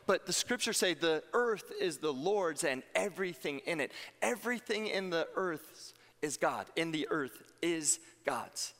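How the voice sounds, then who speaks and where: A man with a fairly high voice preaches a sermon as pastor. He tells stories animatedly, acting out the voices he quotes. His voice rings with a long hall reverb, as in a church sanctuary. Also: sing-song, moderate pace, a bit bright.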